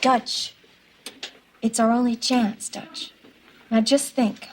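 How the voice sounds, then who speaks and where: A woman's voice: fairly high pitch, level tone, slow, background noise. An actress playing a theatrical, gushing woman from Connecticut who is visiting her jailed lover in a TV sitcom. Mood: melodramatic. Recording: sitcom with studio audience laughter.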